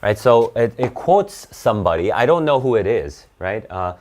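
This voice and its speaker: A man's voice: fairly low pitch, very animated, normal speed, hardly any pauses, darkish tone. A man teaching an SAT class, explaining in bursts and checking in with "right?" and "okay?". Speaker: SAT tutor. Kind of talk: live online class lecture.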